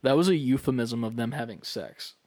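A young man co-hosting a podcast in casual, animated chat, swearing and using lots of fillers. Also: medium pitch, fairly quick. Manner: animated, profane, uses many fillers. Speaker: podcast co-host.

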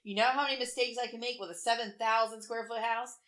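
Blunt, swearing bright-voiced woman in her forties. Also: a little high, fairly even intonation, fast. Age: 40s. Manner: blunt, profane storytelling with acted-out quotes. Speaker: podcast co-host. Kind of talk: casual chat.

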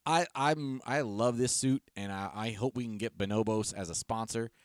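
A man telling a long comic story on a podcast, restarting his sentences and chuckling along the way. His medium-pitched voice sounds close and dry in the studio. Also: normal speed, dry recording. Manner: rambling storyteller, frequent restarts and laughs. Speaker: podcast co-host. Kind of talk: casual comedic podcast chat.

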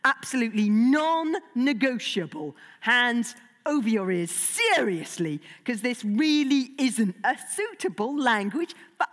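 A woman's voice: on the high side, sing-song, slow. A woman children's author talking playfully to a young audience, asking them questions and reading aloud. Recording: long hall reverb.

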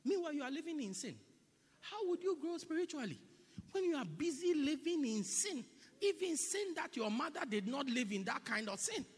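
A man's voice: very high-pitched, sing-song, moderate pace. A man preaching a sermon in a church, emphatic and repetitive, slipping into mocking impressions. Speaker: pastor. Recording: long reverb in a large hall.

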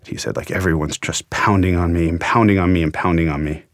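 A man's voice: sits low, steady tone, quick pace, no echo, studio quality. A man, a journalist, earnestly retelling an emotional story from his own experience, quoting the dialogue. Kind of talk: storytelling interview.

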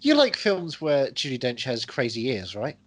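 A man co-hosting a podcast, riffing in jokey, rambling, deadpan banter. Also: mid-range voice, normal speed. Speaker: podcast co-host. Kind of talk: casual banter.

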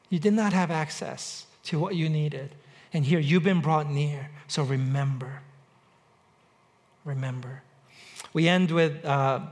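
A man preaching a sermon in a conversational way, with repetition and dry humor. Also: fairly high pitch. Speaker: pastor. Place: church on Mercer Island.

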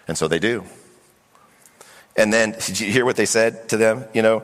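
A middle-aged man preaching a sermon as pastor, animated and acting out voices of Bible figures. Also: mid-range voice, quick pace. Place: church sanctuary. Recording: long hall reverb.

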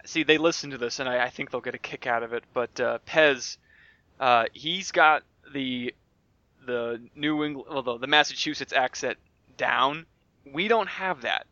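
A man's voice: medium pitch, normal speed, bright, forceful tone, no room sound, dull audio. A man from North Carolina co-hosting a casual podcast, blunt and enthusiastic. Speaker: podcast co-host. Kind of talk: casual chat.

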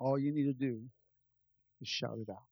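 A man's voice: medium pitch, moderate pace, vocal fry, slightly rough, no echo, muffled recording. A man preaching a fervent sermon to his church, repeating his calls to the congregation. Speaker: pastor. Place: church service.

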